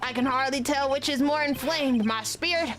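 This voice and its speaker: A woman's voice: high voice, normal speed, loud music behind the voice, lightly acted. A woman putting on a pompous old British lawyer. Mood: gushing. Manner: flowery, theatrical gushing. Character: pompous older British male defense lawyer.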